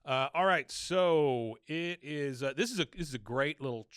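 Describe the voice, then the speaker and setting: Animated male podcast host. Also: fairly high pitch, moderate pace, clean tone, dry recording, studio quality. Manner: animated, playful recapping. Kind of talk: casual episode recap.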